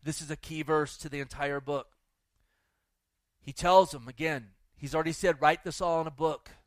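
Fervent high-voiced male preacher. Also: fairly even intonation, normal speed, no echo. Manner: fervent, exhorting preaching with repetitions and scripture quotes. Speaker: pastor. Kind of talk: sermon. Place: church with a live and online audience.

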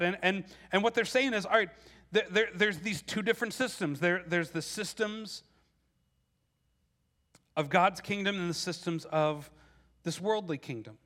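A pastor in his forties delivers a sermon in a relaxed, conversational way. His voice sits fairly high for a man, and he often restarts his phrases and fills them with "like". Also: unhurried, long pauses. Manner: conversational, with frequent "like" and repeated words.

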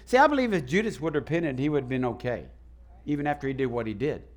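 A man's voice: mid-range voice, lively intonation, fast. A man preaching a sermon to his congregation in a church, calling out questions to the people. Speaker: pastor. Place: church sanctuary.

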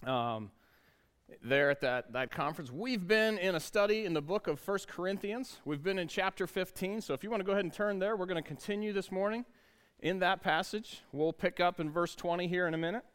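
A man's voice: sits high, brisk, fairly bright tone, smooth. A man, preaching a sermon in an upbeat, conversational way and asking the congregation questions. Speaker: pastor.

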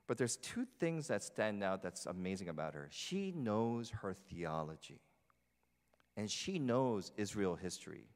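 A male pastor preaches in a loose, chatty way and keeps asking the congregation questions. His voice rings with a long reverb through a large church sanctuary. His pitch sits in the middle for a man. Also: big pitch swings, normal speed. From New Jersey. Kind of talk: conversational sermon.

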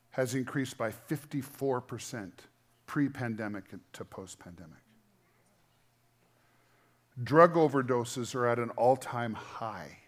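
Man, middle-aged, pastor, sermon, earnest, conversational, swings from soft to loud. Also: medium pitch. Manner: earnest, conversational preaching with restarts and dynamic swings between quiet and loud.

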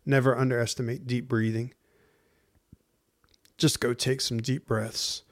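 A man preaching in a casual, conversational sermon, speaking plainly to listeners and slipping into slang and hushed acted-out asides. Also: medium pitch, level tone, unhurried. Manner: acts out inner voices in hushed asides. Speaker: pastor.

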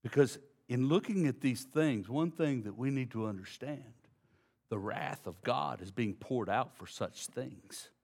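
A man preaching a sermon, folksy and direct with the congregation, swinging from low, quiet passages to loud emphasis. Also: measured pace, vocal fry, slightly rough. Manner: folksy, addresses congregation as y'all. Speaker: pastor.

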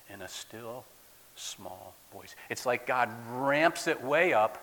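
A man from the Midwest preaching a sermon as a guest pastor, swinging from loud declaiming to soft near-whispers, in a church. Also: mid-range voice, animated, slow. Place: church sanctuary. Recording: long hall reverb.

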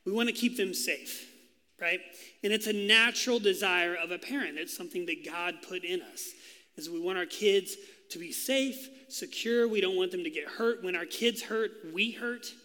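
A man's voice: high-pitched, moderate pace, pushed and bright. A man in his thirties, a pastor preaching a sermon, telling a funny story and acting out quotes before turning earnest. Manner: playful storytelling with acted-out quotes. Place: church hall. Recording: long hall reverb.

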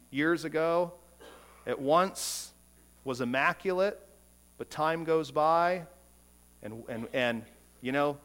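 A man's voice: medium pitch, fairly bright tone. A man preaching a sermon as pastor, emphatic and full of rhetorical questions, often repeating words as he goes.

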